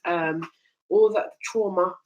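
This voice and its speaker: A woman's voice: lowish voice, slow pace, rough recording. A woman hosts a casual chat show. She tells stories with lots of life and breaks into laughter often. Her tone is easy and conversational. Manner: lively storyteller, laughs often. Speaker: host.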